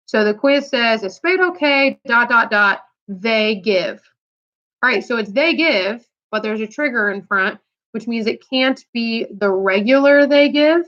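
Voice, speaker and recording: A woman's voice: a little high, bright, forceful tone. A woman teacher talking students through a quiz in an upbeat, chatty lesson, speaking directly to them. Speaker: Spanish teacher. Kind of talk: recorded lesson walkthrough. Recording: dull lo-fi sound.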